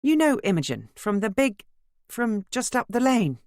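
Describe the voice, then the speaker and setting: A cheeky young man, hungover and insolent, slurring and sneering as he mimics people, voiced by a woman reading a storybook. His voice jumps up into lively, bouncing mockery. The sound is close and dry. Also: fairly high pitch, normal speed, no echo, pitched above the performer's own voice. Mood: jokey.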